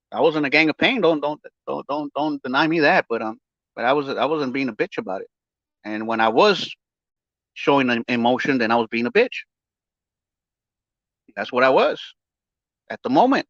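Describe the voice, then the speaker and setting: A man's voice: mid-range voice, fairly bright tone, dry recording. Lisping man with broken jaw. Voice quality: lisping, mumbled speech through a barely opened mouth. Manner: repetitive stammering restarts, profane and heated when retelling. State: speaking with a broken jaw and missing front teeth. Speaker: podcast host giving a health update. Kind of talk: casual rambling monologue. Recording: dull, dry, lo-fi recording.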